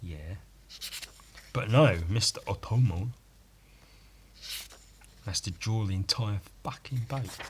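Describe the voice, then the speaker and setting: A man's voice: lowish voice, slow, pauses often, breathy edge. A man hosting a podcast alone, rambling sardonically with frequent swearing and self-mocking asides. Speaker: podcast host. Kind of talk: casual solo commentary.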